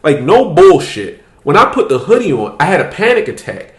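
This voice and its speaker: A man's voice: a little high, sing-song, brisk, echoey room. A man hosting a podcast, telling a story in casual, profane chat and laughing as he goes. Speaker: podcast host.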